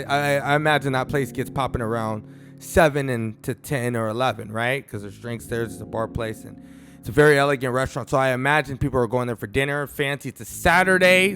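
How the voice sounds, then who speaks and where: A man vlogger telling a story in a casual, animated way, with big swings in pitch and loudness.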